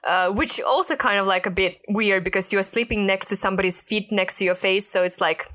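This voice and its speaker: A woman's voice: medium pitch, a little fast, fairly bright tone. Chatty young woman telling a story. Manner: chatty storyteller, laughs often, frequent "like" and "you know". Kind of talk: casual chat.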